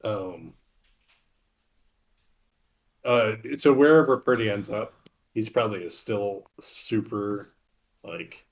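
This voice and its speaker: A man's voice: on the low side, takes it slowly. A man playing in a tabletop game, talking casually and hesitantly with many fillers. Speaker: player.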